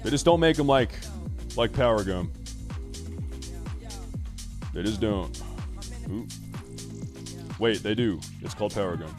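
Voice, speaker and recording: Streamer, young man, loud and jokey, rambling, swears freely, faint game music underneath. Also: lowish voice, lively intonation, measured pace, pauses often. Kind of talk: casual live-stream chat while gaming.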